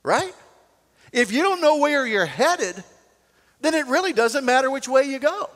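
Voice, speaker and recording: A man preaching a sermon as pastor, swinging from loud to soft. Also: very high voice, very animated, measured pace, long pauses, big-room sound.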